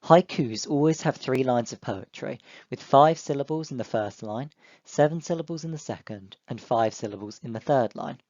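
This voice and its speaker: Young man, teacher, online lesson for kids, clear encouraging step-by-step delivery, mid pitch, dry recording. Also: moderate pace, a little mellow, dry recording, highs cut off. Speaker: primary school teacher.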